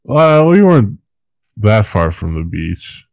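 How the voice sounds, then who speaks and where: A man's voice: on the low side, big pitch swings, slow, creaky, darkish tone, no room sound. A man co-hosting a podcast who chats casually and rambles, swearing often and laughing at his own points. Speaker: podcast co-host. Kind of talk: casual chat about a film.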